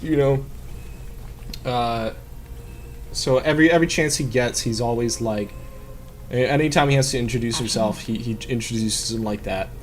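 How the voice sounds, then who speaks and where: A man's voice: mid-range voice, a little fast, soft background music. A man chatting casually while playing a game, rambling and swearing with many fillers into a close desk mic. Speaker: gamer and podcast host.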